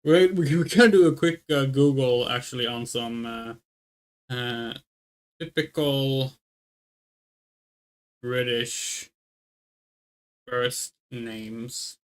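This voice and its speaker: A woman's voice: extremely low pitch, extremely slow, pauses often. A woman streaming a game, chatting casually with her viewers and thinking aloud as she picks options, referring to herself as "we". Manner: thinking aloud, rambling, speaks of self as "we". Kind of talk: casual let's play commentary.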